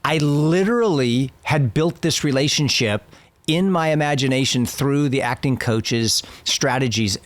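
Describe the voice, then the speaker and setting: A middle-aged man earnestly recounting an acting experience, animated and self-deprecating, as host reacting to his old clips. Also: medium pitch, no echo. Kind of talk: casual storytelling.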